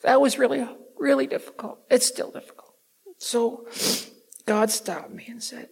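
An older man giving an emotional sermon testimony, swinging between loud outbursts and near-whispers. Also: very high-pitched, steady tone, measured pace. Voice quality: gravelly, husky.

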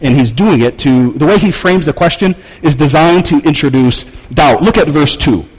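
A man's voice: on the high side, moderate pace, darkish tone, husky. A man preaching a sermon in a conversational, emphatic way with touches of wry humor. He sounds like a pastor speaking in a church sanctuary, and his voice carries the long echo of a large hall.

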